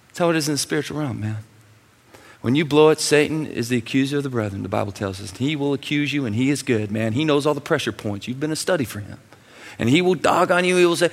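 Heard through long hall reverb, this male pastor's passionate preaching swings from quiet intensity to loud emphasis. He speaks fast in a creaky, mid-range voice.

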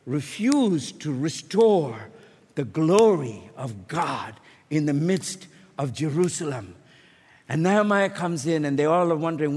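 A man preaching a sermon, telling a story and rising into shouted emphasis. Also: high voice. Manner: builds to shouted emphasis, storytelling with acted quotes. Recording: long hall reverb.

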